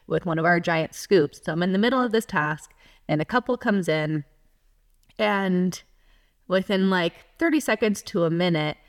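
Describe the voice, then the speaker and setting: A woman's voice: on the low side, normal speed. A woman co-hosting a podcast in casual chat, talking candidly and swearing freely as her voice swings up and down. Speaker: podcast co-host.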